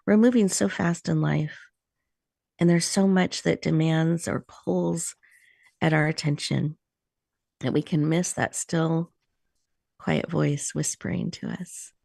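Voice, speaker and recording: A woman hosting a talk show who leads a slow, soothing guided meditation with encouraging words. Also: low voice, steady tone, creaky, dark tone, dry recording, studio quality.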